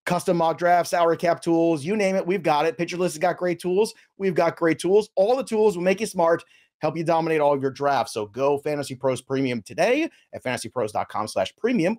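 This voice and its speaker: An energetic man hosting a sports podcast, his voice sitting a little higher than most men's. He moves quickly between introductions and promos, keeping the tone lively and chatty. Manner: energetic, plugs and jokes. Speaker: podcast host.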